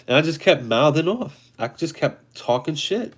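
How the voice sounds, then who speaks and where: A man's voice: mid-range voice, lively intonation, normal speed, hardly any pauses. A man, hosting and telling a blunt, profane story in casual monologue. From New York City. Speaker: host.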